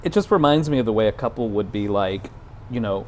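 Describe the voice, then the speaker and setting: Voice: medium pitch, lively intonation, a little fast. A film podcast co-host chatting casually, searching for words with lots of fillers and restarts. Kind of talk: casual chat.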